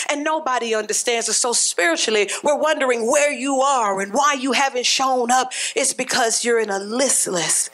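A woman preacher delivering an emphatic, conversational sermon that rises to shouts at times. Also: on the high side, moderate pace, hardly any pauses, poor audio.

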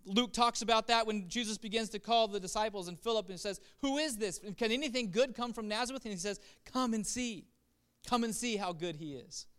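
A man's voice: high-pitched, pushed and bright, clean tone. A man preaching a sermon with rising emphasis, repeated phrases and rhetorical questions. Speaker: pastor.

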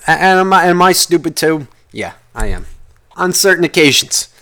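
A man's voice: fairly high pitch, expressive, moderate pace, sharp tone. A man hosting a solo podcast, ranting in a rambling way and swearing constantly as he vents. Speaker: podcast host. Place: lives in the United States.

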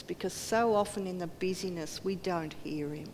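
A woman's voice: fairly even intonation, moderate pace, hardly any pauses, a little mellow. A woman giving a sermon in earnest tones, acting out quoted voices and dropping to near whispers. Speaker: preacher. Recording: hall reverb, faint rumble.

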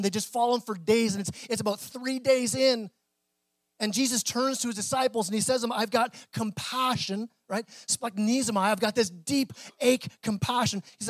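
Pastor guy giving a sermon, pretty high voice, dry close sound, chatty with lots of restarts. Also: no echo. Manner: conversational preaching with small restarts and Southern "y'all".

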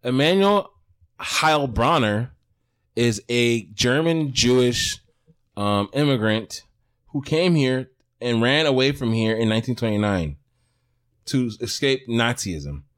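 A man co-hosting a podcast, talking in loose, rambling casual chat. He swears freely and breaks into laughter often, at an everyday middle pitch. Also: lively intonation, slow, fairly bright tone, clear, resonant tone. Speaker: podcast co-host.

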